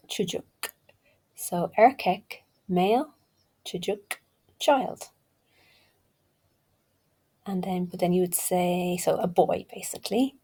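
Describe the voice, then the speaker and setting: Slow, husky woman teaching vocabulary. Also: fairly low pitch, a little mellow. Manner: chatty, self-deprecating, thinks aloud. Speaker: language learner teaching Turkish. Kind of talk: casual video lesson.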